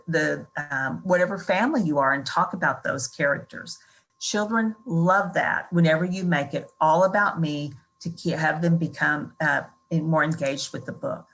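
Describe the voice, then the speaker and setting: A woman's lowish voice leads a parent workshop. She explains strategies in a measured teaching manner and pauses with the odd filler. She sounds middle-aged. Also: fairly bright tone, rough recording. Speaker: workshop presenter, speech therapist. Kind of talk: recorded online workshop talk.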